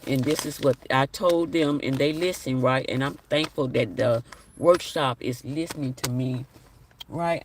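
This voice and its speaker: Male livestream host, mid-pitched and gravelly, chatty, reads comments aloud, with faint background noise. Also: distant mic. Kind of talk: casual live stream chat.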